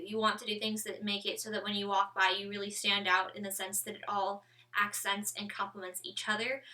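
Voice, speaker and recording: A woman's voice: mid-range voice, sharp tone, far from the mic. A young woman leading a casual Bible study, rambling with lots of "like" and "you know".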